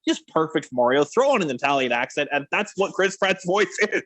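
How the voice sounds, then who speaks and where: Guest spot: a high-voiced, bouncy man chatting on a podcast, laughs a lot. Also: fairly quick. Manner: animated, laughs often. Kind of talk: casual chat.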